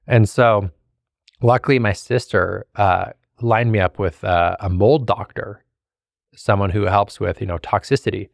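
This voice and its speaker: A man with a low, gravelly voice talks straight into a close, dry-sounding mic. He tells his own story in an earnest, candid way, often acting out what he and others said. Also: no echo. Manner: earnest, reenacts conversations, many "I'm like" asides. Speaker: podcast host and coach. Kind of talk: solo storytelling, casual and candid.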